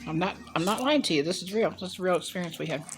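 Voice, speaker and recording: A woman's voice: fairly low pitch, animated, rapid-fire, slight background noise. A woman in her sixties from Ohio, telling a rambling personal story to camera on a handheld phone, with chatty asides as she eats. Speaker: mukbang vlogger.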